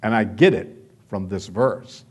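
A man's voice: fairly low pitch, measured pace, breathy edge. A man preaching an expository sermon, dramatic and emphatic, asking rhetorical questions.

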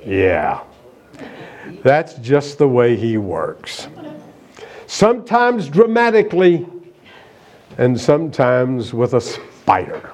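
A man's voice: mid-range voice, huge pitch swings, takes it slowly, long pauses, a little mellow. A man preaching a sermon, emphatic and asking the congregation rhetorical questions.

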